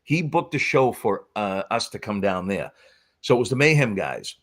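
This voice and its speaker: Animated New England man telling stories. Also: moderate pace. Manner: animated, acts out quotes with high-pitched voices. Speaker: wrestling promoter guest. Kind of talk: casual storytelling.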